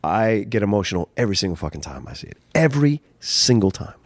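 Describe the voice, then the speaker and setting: A man co-hosting a film podcast in casual chat, reacting quickly and swearing freely. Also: fairly low pitch, sing-song.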